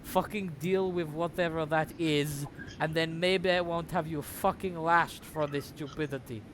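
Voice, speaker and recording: A man voicing a crude, impatient male vampire captor who shouts and curses. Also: fairly high pitch, fairly even intonation, unhurried, slight background noise. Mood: angry shouting. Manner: loud, cursing, barking orders.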